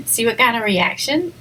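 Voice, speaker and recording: A woman's voice: a little high, pushed and bright, slightly rough, low-quality recording. A woman hosting a casual eating video, chatting to viewers between bites with lots of "like" and "um" and small giggles. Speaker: eating show host. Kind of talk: casual mukbang chat to viewers.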